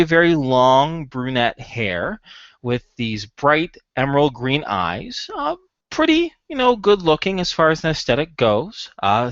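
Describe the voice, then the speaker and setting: Young male game master: descriptive, animated, slightly muffled recording. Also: on the high side, dry recording. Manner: descriptive, with frequent fillers and restarts. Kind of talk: narrating a tabletop game.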